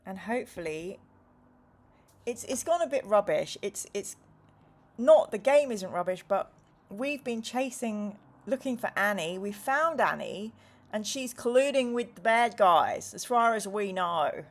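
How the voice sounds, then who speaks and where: A woman's voice: medium pitch, expressive, unhurried. A woman hosting a live gaming stream, chatting casually, reading viewer comments aloud and making jokey asides.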